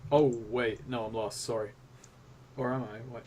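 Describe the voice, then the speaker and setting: A man's voice: mid-range voice, fairly even intonation, moderate pace, darkish tone, slight background noise. A man playing a tabletop game, laid-back and giggly, a bit scattered. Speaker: player.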